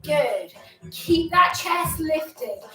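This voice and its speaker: A woman's voice: sits high, animated, very slow, bright, forceful tone. A woman fitness instructor coaching a live online exercise class with encouraging cues, countdowns and chatty asides, a little out of breath. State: slightly out of breath. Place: home room, indoors. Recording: roomy echo, distant from mic, faint music.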